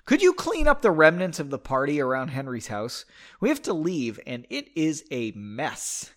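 Man reading out a brisk bossy young woman. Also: fairly high pitch, wildly swooping pitch, fairly bright tone.

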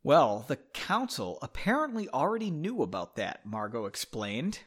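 A man's voice: mid-range voice, huge pitch swings, moderate pace, a bit bright, slightly rough. Rambling, swearing man reading aloud. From United States. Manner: rambling, swears and comments between passages. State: drinking whiskey. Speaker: reader of a book. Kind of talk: casual read-aloud with asides.

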